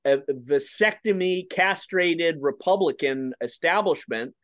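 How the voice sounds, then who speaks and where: Male pundit, fiery and repetitive, slightly higher voice, dry muffled remote audio. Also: expressive, measured pace, no echo. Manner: forceful, repeats words, drops to low then rises. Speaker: political commentator guest. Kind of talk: opinionated political talk.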